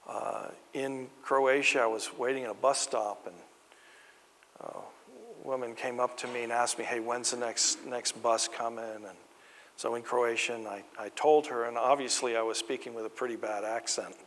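A man's voice: medium pitch, moderate pace, fairly bright tone, long reverb tail. An American man preaching a sermon, earnest and building emphasis on key phrases, mixing in light stories. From United States. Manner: storytelling asides with light humor.

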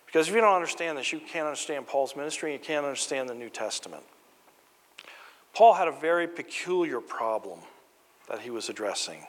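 A man's voice: medium pitch, lively intonation, brisk, big-room sound. An American man preaching a sermon, earnest and building emphasis on key phrases, mixing in light stories. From United States. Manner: storytelling asides with light humor.

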